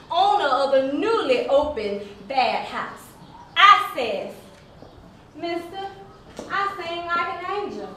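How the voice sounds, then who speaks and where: Lady playing a spunky young singer gal, high voice, slow folksy storytelling, far off in a big echoey hall. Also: a little hiss or hum, heavily acted. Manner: lively, folksy storytelling with chuckles. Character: petite young southern woman singer, spirited. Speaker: narrator of a one-woman stage play. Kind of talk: theatrical storytelling.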